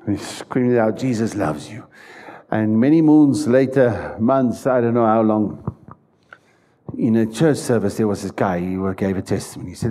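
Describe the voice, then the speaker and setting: A man's voice: lowish voice, moderate pace, warm tone. A man preaching a sermon in a church, stressing his points and putting questions to the congregation. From South Africa. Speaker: pastor.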